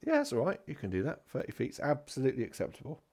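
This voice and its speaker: A man running a tabletop game in a relaxed, chatty way, laughing often. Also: mid-range voice, racing, gravelly, slightly rough. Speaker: game master.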